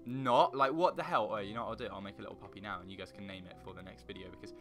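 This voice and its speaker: A man's voice: steady tone, racing. A young man giving rambling, goofy commentary while playing a block-building game, sometimes breaking into silly noises. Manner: rambling, goofy, bursts into loud high singing and silly noises. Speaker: gaming YouTuber. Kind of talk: casual Minecraft let's play commentary. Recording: faint guitar music behind.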